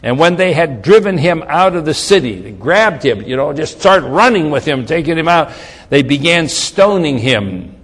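A man's voice: on the high side, big pitch swings, normal speed, fairly bright tone, husky. Preacher man in a reverberant hall. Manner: reads scripture aloud with rising emphasis, casual asides. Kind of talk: sermon, Bible exposition.

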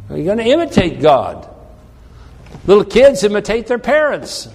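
A man preaching a sermon, emphatic and slowing down to read scripture aloud. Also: high voice, huge pitch swings, darkish tone, in a large hall. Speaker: pastor.

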